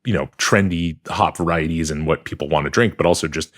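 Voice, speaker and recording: A man's voice: extremely low pitch, a little fast. A man co-hosting a podcast from a hotel room, talking in a thoughtful, rambling way with restarts. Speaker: podcast co-host. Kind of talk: casual chat.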